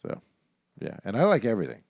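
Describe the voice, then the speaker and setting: A man's voice: on the low side, huge pitch swings, fast talker, darkish tone, no echo, clean studio sound. A man co-hosting a gaming podcast, talking casually and rambling with lots of fillers. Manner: laid-back, rambling with many fillers. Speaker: podcast co-host. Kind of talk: casual chat.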